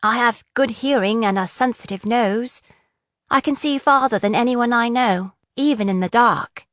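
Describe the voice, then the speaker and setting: A woman reading a defiant young female prisoner who answers with quick, indignant retorts. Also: a little high, no room sound, studio quality, lightly acted.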